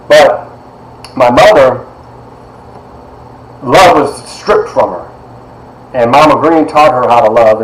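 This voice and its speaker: A lecturer in his forties from Ohio, in the United States, tells his class a candid personal story, speaking emphatically and conversationally with frequent asides. His voice sits at a medium pitch, with slight background noise and an echoey classroom sound.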